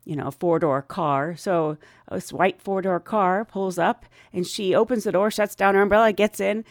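A woman's voice: medium pitch, moderate pace, dry recording, studio quality. A middle-aged woman, a podcast host and flight attendant, telling funny travel stories casually, laughing often and acting out the people in them. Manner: animated, laughs often, acts out quoted voices. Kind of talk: casual storytelling.

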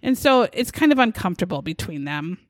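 A woman's voice: fairly low pitch, big pitch swings, a little fast, no echo, clean studio sound. A woman hosting a podcast, telling a true crime story in casual chat, blunt and sarcastic, swearing freely. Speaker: podcast host.

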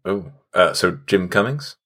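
A man's voice: deep voice, lively intonation, a little slow, sharp tone, slightly rough. A man co-hosting a casual podcast, teasing and joking. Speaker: podcast co-host. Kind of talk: casual chat.

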